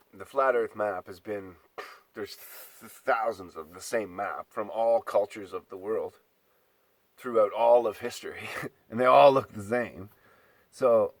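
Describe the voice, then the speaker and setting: Man, low voice. Profane, exasperated rant straight to camera, dry close sound. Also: no room sound. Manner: exasperated, swearing, mocking. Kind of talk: profane ranting monologue.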